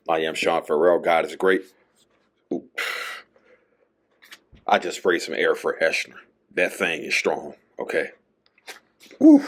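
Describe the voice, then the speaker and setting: In a very low voice, a man hosts his own show, rambling slowly and casually through a solo monologue with lively intonation. He keeps checking in with a questioning "okay?" after his lines.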